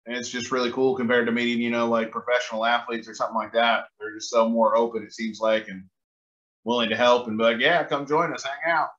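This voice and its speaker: A man co-hosting a casual podcast, relaxed and friendly as he asks questions. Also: mid-range voice, fast, highs cut off. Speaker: podcast co-host.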